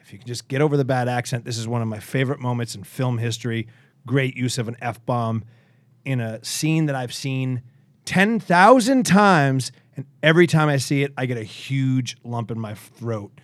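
A playful podcast co-host, a man who mixes jokes with earnest enthusiasm. His voice sits at a middle pitch and is recorded dry and close. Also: lively intonation, moderate pace, no room sound. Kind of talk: casual podcast chat.

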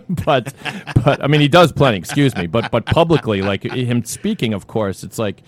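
A man's voice: mid-range voice, expressive, moderate pace, a little hiss or hum. A man hosting a podcast in casual chat, joking and laughing often as he runs through questions. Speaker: podcast host.

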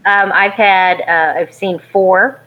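A woman from California, an anthropologist and archaeologist, telling stories in a lively, rambling way with many restarts. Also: mid-range voice, slow, lo-fi sound. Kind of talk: conversational storytelling.

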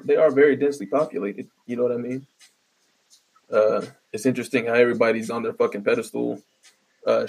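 Gravelly, ranting, profane man. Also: mid-range voice. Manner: profane, ranting, exasperated, stammering restarts. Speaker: vlogger ranting. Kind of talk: profane comedic rant.

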